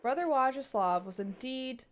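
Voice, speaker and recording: A woman voicing a stern, sanctimonious older male abbot in a formal, measured reading. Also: sits high, animated. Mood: stiffly formal.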